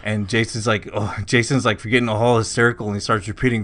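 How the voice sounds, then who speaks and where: Low-voiced man telling a creepy story. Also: fairly even intonation, brisk, fairly bright tone. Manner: rambling, full of "like" and "you know". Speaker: podcast co-host. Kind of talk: casual spooky storytelling.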